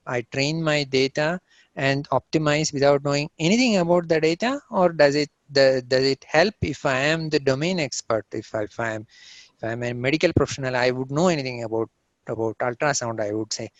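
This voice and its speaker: A man's voice: mid-range voice, normal speed, no echo. Man questioner, long rambling questions, muffled dry call audio. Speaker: audience questioner. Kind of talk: asking questions in a Q&A.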